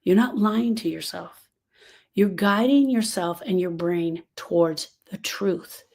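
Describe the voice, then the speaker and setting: A woman who is a grief coach and podcast host speaks to camera in a fairly low, gravelly, slightly mellow voice, at a slow pace. She walks listeners through coping tools and repeats key phrases for emphasis, and the recording is rough.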